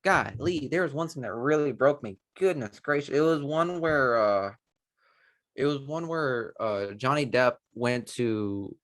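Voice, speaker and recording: A man's voice: mid-range voice, lively intonation, measured pace, fairly bright tone, no echo, clean studio sound. A man co-hosting a movie news podcast, chatting casually with rambling restarts and mild exclamations. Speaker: podcast co-host. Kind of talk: casual chat.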